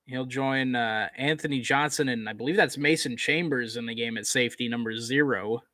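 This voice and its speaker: A man giving casual live play-by-play commentary on a college football game, chatty, with fillers, getting excited on big plays. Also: mid-range voice, normal speed, dry recording, studio quality.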